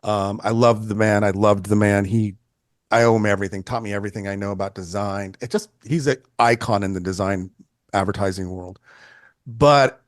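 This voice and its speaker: A man in his sixties, a photographer telling stories in a casual interview, animated and chatty, often restarting his sentences and swearing freely. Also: on the low side, normal speed, dry recording, clean studio sound. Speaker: photographer guest.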